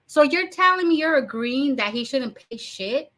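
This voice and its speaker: A woman's voice: sits high, lively intonation, normal speed, fairly bright tone. A woman hosting a commentary channel, ranting bluntly in casual talk, swearing and mocking the people she quotes. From Arizona.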